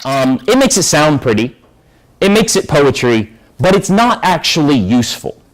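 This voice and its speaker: A man's voice: fairly high pitch, moderate pace, rough recording. A man teaching an English class, explaining and asking students questions. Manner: lively, asks the class questions. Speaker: high school English teacher.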